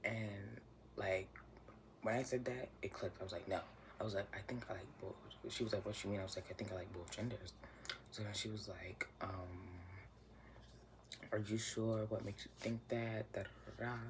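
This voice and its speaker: Young man telling a story, gravelly, hushed. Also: on the low side, normal speed. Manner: chatty, animated, slangy, often drops to a near whisper. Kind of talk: casual storytime. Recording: noisy room ambience.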